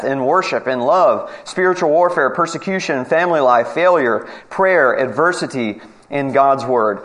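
A man preaching a sermon to his congregation, earnest, moving from brisk announcements to slow, emphatic scripture reading. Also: on the high side, fairly bright tone.

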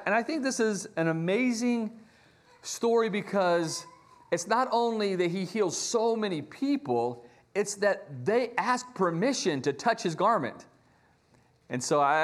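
A middle-aged man preaching a sermon as a pastor, telling stories with animation and acting out quoted lines in shifting voices. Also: high-pitched.

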